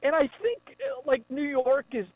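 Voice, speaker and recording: A man's voice: very high-pitched, very animated, normal speed, highs cut off. A man who is a guest on a radio talk show, chatting in an easygoing, agreeable way. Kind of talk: casual radio banter.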